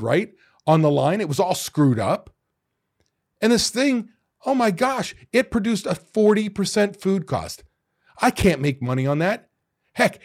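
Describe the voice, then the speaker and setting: A middle-aged man hosts a solo podcast in a lively, swinging voice with a gravelly edge. His tone is husky as he retells other people's gripes with exasperated energy and the odd curse word. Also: mid-range voice. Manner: animated, exasperated retelling of owners' complaints with mild swearing. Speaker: podcast host.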